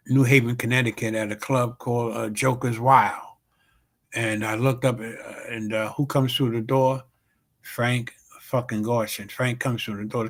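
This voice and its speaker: Speaking in a mid-range voice, a middle-aged man who works as a comedian and host delivers a joke and then a backstage anecdote in lively, relaxed conversation.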